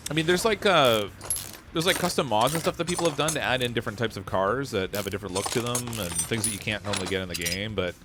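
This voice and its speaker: Easygoing man, lowish voice. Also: quick pace, noisy background. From Canada. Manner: easygoing, rambling, with frequent "uh" and chuckles. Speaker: livestreamer playing a car repair game. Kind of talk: casual live-stream chat reading viewer comments. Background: background music.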